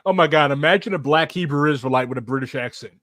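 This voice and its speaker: A man's voice: fairly high pitch, quick pace, a bit bright, no echo. A man answering viewer questions in casual chat, sarcastic and profane, laughing often.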